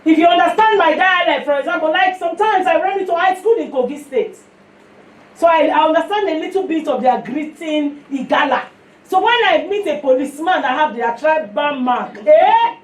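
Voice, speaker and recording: Nigerian woman preacher with a high voice and lively stories, recorded far off in an echoey room. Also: normal speed. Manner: animated storytelling with call-and-response. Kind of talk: sermon. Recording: echoey room, far from mic, faint noise.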